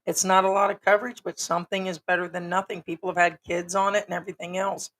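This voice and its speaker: Sick american lady, raspy throat, kinda low voice, just chatting on her livestream with lots of ums. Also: little pitch movement, fast talker, a bit bright. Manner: rambling, frank, with many ums. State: sick, hoarse. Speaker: livestream host. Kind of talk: casual livestream chat.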